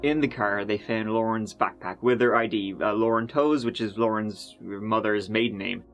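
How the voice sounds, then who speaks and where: A man narrates a true crime case in a relaxed, conversational voice-over. He wanders into fillers and dry asides but keeps the story moving, sounding like someone talking rather than reading. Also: lowish voice, normal speed, soft background music.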